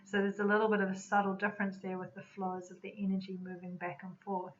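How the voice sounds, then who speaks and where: Woman teaching in a calm, reflective way. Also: mid-range voice, quick pace, slight background noise. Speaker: energy medicine practitioner. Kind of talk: spoken teaching talk. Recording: slightly dull lo-fi recording.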